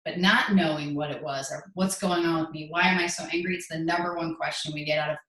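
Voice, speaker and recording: A woman's voice: low voice, steady tone, fairly quick, fairly bright tone. A woman in her forties, a podcast guest, earnestly telling her story and acting out what people said. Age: 40s. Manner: earnest, storytelling with quoted voices. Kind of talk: podcast interview. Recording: echoey room.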